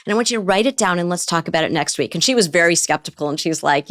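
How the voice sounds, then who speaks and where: A woman's voice: on the low side, expressive, fast talker, a bit bright, no room sound, clean studio sound. A woman therapist in an interview, explaining ideas and often asking rhetorical questions. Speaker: therapist guest. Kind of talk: interview conversation.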